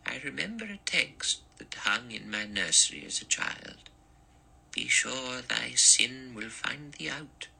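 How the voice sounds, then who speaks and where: A man plays a stern elderly spinster in an audiobook, clipped and dry in her delivery. The voice is low, bright and husky, with a self-righteous edge. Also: very animated, moderate pace, heavily acted, low-quality recording. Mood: prim. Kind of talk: audiobook character voice.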